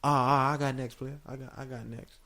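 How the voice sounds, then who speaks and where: A man's voice: mid-range voice, flat delivery, brisk. Comic podcast impression: a friendly, stammering ex-president at the court, as a man puts him on. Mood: easygoing. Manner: stammering, easygoing, soft-spoken. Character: laid-back former male president shooting hoops, friendly.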